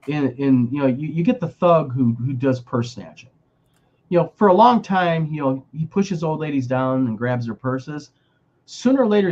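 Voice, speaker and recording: Guy cohosting a chat show, mid pitch, kinda muffled lo-fi sound, repeats himself a lot when fired up. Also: a little mellow. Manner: repetitive restarts, emphatic. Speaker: podcast co-host. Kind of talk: casual chat.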